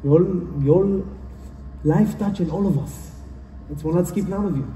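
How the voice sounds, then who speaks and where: At a conference hall, an earnest man gives a motivational talk, repeating himself and using non-native phrasing. His voice sits high and mellow at a moderate pace, captured from far off in the roomy hall with slight background noise.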